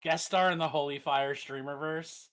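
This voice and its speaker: A man's voice: on the high side, steady tone, normal speed, a bit bright. A man guesting on a stream, trading playful, crude jokes in casual banter.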